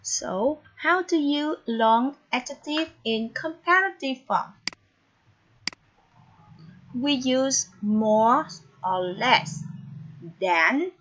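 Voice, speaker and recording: Encouraging woman English teacher, high voice and slow, deliberate delivery. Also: lively intonation, fairly bright tone. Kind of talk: online English lesson. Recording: dull, lo-fi recording with faint noise.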